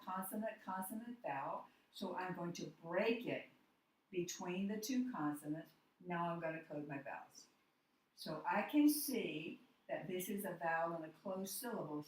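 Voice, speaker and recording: A woman teacher giving a patient, step-by-step phonics lesson, correcting herself as she goes. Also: on the low side. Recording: echoey room, mic far off.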